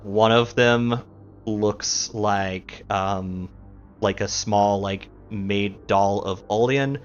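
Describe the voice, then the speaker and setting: A man's voice: lowish voice, steady tone, very slow, smooth. A man running a tabletop game as game master, describing scenes with many fillers. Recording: dull lo-fi sound with faint music.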